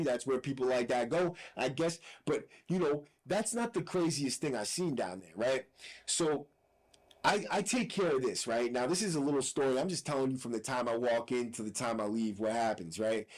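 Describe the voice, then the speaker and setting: A man's voice: mid-range voice, poor audio. A man hosting a podcast, telling a story in a blunt, profane, casual way with frequent asides. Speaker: podcast host.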